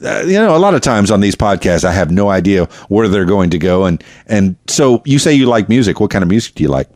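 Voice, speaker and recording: A man's voice: on the low side, sing-song, quick pace, a little mellow. A man from Arkansas hosting a podcast, chatting casually and joking with frequent laughs. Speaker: podcast host. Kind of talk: casual chat.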